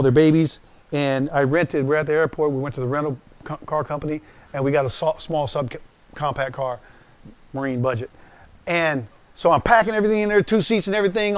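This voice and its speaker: A man in his sixties, a pastor telling a personal testimony in an animated way, dropping to hushed asides and rising to loud bursts. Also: fairly high pitch. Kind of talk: storytelling testimony.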